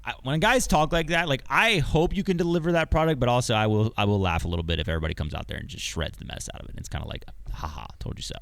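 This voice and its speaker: Lively joking man on a podcast. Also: racing, vocal fry, few pauses, no room sound. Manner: lively, jokey, animated pitch swings. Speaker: podcast co-host. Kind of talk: casual chat.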